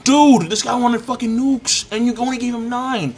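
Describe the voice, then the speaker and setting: A young man with a high voice rants excitedly in a casual review. He swears all the time and jumps from loud shouts to low mutters. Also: moderate pace, husky. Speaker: anime reviewer.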